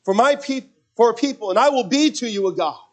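A man preaching a sermon, moving from quiet personal storytelling to loud, emphatic preaching and reading scripture aloud. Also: extremely high pitch, expressive, a little fast. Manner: reads scripture in King James wording. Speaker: pastor.

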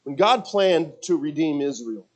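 A man preaching a sermon, moving from quiet personal storytelling to loud, emphatic preaching and reading scripture aloud. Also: a little high, lively intonation, a little slow. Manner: reads scripture in King James wording. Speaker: pastor.

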